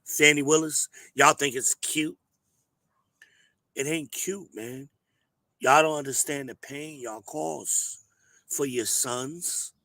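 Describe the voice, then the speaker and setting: A hoarse man, hosting an advice show and talking bluntly and emphatically. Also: mid-range voice, bright, forceful tone, no echo. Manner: emphatic, preachy, blunt with cursing. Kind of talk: casual advice monologue.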